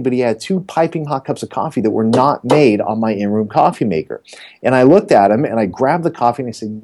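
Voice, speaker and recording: A man's voice: medium pitch, a little fast. A middle-aged man, a real estate coach, telling stories and joking in a casual interview. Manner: animated, joking storyteller.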